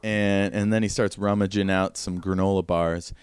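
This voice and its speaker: A man narrating as game master of a tabletop role-playing game, relaxed and descriptive. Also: deep voice, moderate pace, clean tone, no room sound, clean studio sound.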